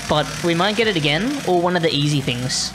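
A young Australian woman streams a game and talks to her chat as she plays, rambling and apologizing in a casual live-stream way. Her voice is lowish and a little fast, with lively intonation, and there's background noise.

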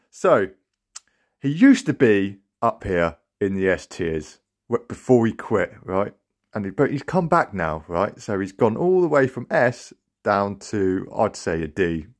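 Young gaming host, male, teasing roast humor, swings widely in pitch, unhurried delivery. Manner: teasing, mocking banter with dramatic announcer-style reveals. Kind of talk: comedic roast tier list commentary.

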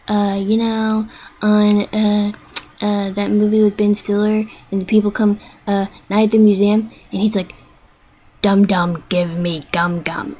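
A woman's voice: medium pitch, dark tone, poor audio. A young woman rambling playfully into her webcam at home and cooing at her pets. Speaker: vlogger. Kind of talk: casual webcam chatter.

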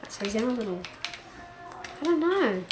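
A woman chatting excitedly while playing a video game, full of sudden exclamations. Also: on the high side, moderate pace, a little hiss or hum. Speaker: gamer host. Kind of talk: casual gaming chat.

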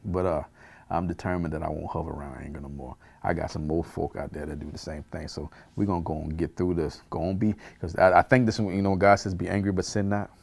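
A man's voice: deep voice, fairly even intonation, quick pace, vocal fry, a little mellow, husky. A man, a pastor, teaching a Bible study in an earnest way, repeating phrases for emphasis and chuckling at himself.

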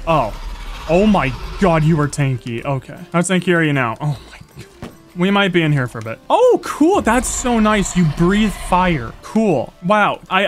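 A young man giving excitable live gameplay commentary, gasping, yelping and talking to the animals and monsters on screen. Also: a little high. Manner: excitable, talks to animals and mobs, frequent gasps and yelps. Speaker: gaming YouTuber. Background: faint game music.

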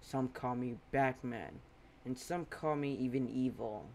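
A man voicing a brooding, smug teenage vigilante in a bat suit, speaking loud, slow and menacing. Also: mid-range voice, creaky, slight background noise. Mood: commanding.

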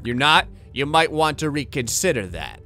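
A man's voice: on the high side, sing-song, moderate pace, pushed and bright, pitched below the performer's own voice, exaggerated voice. Man reading as a scolding kindergarten girl. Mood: threatening. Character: bossy menacing kindergarten girl playing house.

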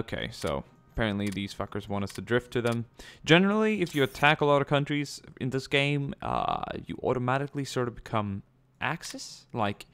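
A man's voice: fairly low pitch, clear, resonant tone. Chatty man narrating gameplay. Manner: chatty, many ums, jokey asides. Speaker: let's play gamer. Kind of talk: casual gameplay commentary.

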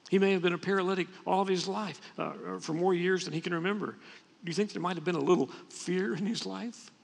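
A man's voice: high-pitched, fairly even intonation, quick pace, vocal fry. A man preaching a sermon as pastor, in a conversational way with frequent restarts. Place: church sanctuary. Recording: long reverb from a church hall.

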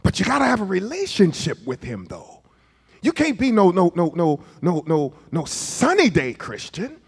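A man in his fifties preaching with a high, lively voice that leaps up and down as he quizzes his congregation. He drops to near-whispers, then bursts into shouts. The sound carries a long church-hall reverb. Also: moderate pace, vocal fry, slightly rough. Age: 50s. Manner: emphatic preaching, questions to the congregation; swings from hushed asides to shouts. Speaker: pastor. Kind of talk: sermon. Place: church sanctuary.

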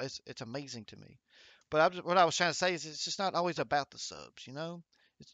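A man's voice: medium pitch, pushed and bright, dry recording, highs cut off. A man hosting a gaming livestream at home, chatting upbeat and encouraging while reading viewer comments aloud. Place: home streaming setup with green screen.

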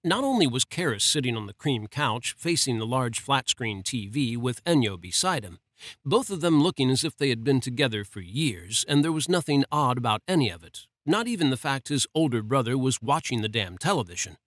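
A man narrating a romance audiobook in a steady, measured reading. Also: medium pitch, dry recording, clean studio sound.

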